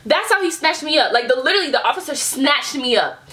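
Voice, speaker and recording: A woman's voice: sits high, quick pace. A young woman, telling a casual storytime vlog and talking straight to her viewers. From United States. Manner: animated storyteller, addresses viewers as y'all. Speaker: vlogger.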